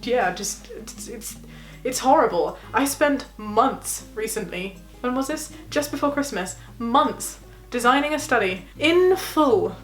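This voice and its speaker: Animated young woman, lively and laughing. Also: unhurried, faint music behind. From England. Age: young adult. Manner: animated, laughs often, acts out quotes in high voices. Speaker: PhD student vlogger. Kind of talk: casual reaction vlog.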